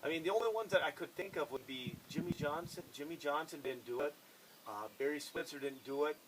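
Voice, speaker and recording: A man co-hosts a relaxed sports podcast, his voice sitting a touch higher than most men's. He reads listener questions with emphasis and chats about football. A steady hiss of noise sits under the recording. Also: a little fast. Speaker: podcast co-host. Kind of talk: casual sports chat.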